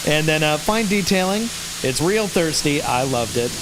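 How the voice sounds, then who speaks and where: A man's voice: on the high side, animated, normal speed. A man hosting a livestream Q&A, reading viewer comments aloud and chuckling often. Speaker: host. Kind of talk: livestream Q&A chat. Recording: noisy stream audio.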